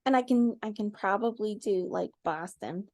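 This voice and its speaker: A woman's voice: mid-range voice, moderate pace, darkish tone, dry recording, studio quality. A woman in her twenties with a slight Southern twang, co-hosting a casual podcast chat with a playful, giggly manner. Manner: playful, giggly, tries out silly accents. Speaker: podcast co-host.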